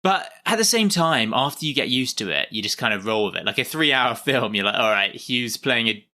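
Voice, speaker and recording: Bright, chatty male podcast co-host. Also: mid-range voice, lively intonation, fairly quick. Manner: chatty, laughing, lots of "like". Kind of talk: casual chat reviewing a film.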